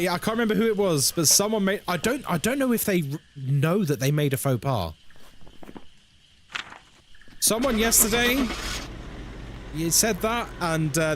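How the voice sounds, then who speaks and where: Guy streaming and chatting with his viewers, fairly high voice that bounces all over, swears a lot, keeps slipping into silly voices. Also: moderate pace, long pauses, noisy background. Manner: animated, swears freely, drops into mock voices. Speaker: live streamer. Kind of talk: casual live-stream chat with viewers.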